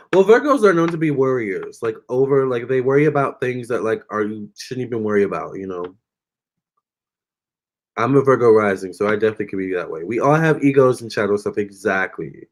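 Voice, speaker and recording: A man's voice: mid-range voice, brisk. A young man hosting a live tarot stream, chatting casually and reading out viewers' comments with lots of fillers and restarts.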